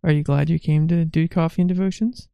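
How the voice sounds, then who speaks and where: A middle-aged man, a father, leading a morning devotion at home, gently coaxing a small child and reading scripture aloud. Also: on the high side, steady tone, brisk, creaky, clean tone, no echo, lo-fi sound. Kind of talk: casual devotional chat with Bible reading.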